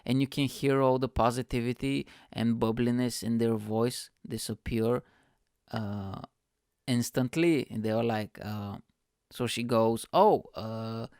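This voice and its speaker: Male podcast host, gravelly and smooth, dry close mic, self-deprecating stand-up read. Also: fairly even intonation, measured pace, darkish tone, dry recording. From Bulgaria. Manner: self-mocking, swearing, slips into high-pitched voices for quoted people. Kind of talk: reading a stand-up set aloud.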